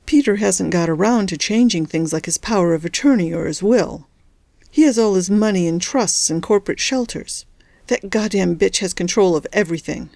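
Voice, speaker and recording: A woman voicing a bitter, frightened wife in an audiobook, close to her own low voice. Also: normal speed, gravelly, mellow, no echo, natural voice. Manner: bitter, resentful. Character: bitter, frightened young wife at a hospital bedside. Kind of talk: audiobook character voice.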